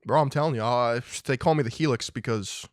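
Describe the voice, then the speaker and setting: A man co-hosting a podcast, joking around in a goofy, boastful way with sudden loud bits. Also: medium pitch, fairly quick, no echo, studio quality. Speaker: podcast co-host. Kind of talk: casual podcast banter.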